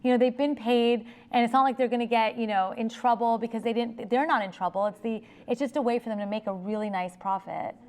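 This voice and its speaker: A woman attorney speaks to an audience in a library meeting room, taking questions as she goes. Her voice sits slightly high. She talks fast and animated, often breaking off and restarting her sentences. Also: clean tone. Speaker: attorney giving a talk. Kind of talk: informal lecture with audience questions.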